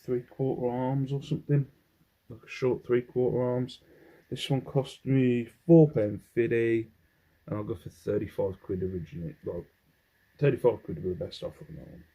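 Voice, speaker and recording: A man's voice: mid-range voice, fairly even intonation, moderate pace, mellow, dull audio. An English man in a casual haul vlog, rambling as he goes through his finds and humming to himself between items. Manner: rambling, hums while sorting items. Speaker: clothing reseller.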